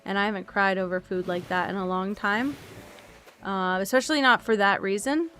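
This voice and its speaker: A tired woman streamer chatting casually and softly while she plays a game, rambling and thinking aloud as she goes. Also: medium pitch, normal speed, a little hiss or hum. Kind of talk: relaxed casual chat while playing a game.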